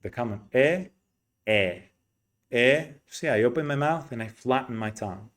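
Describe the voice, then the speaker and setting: A man teaching English pronunciation in an unhurried way. His voice sits at an ordinary middle pitch, and he breaks up his explanations by saying the vowel sounds aloud again and again. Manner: explains slowly, demonstrates vowel sounds by repeating them.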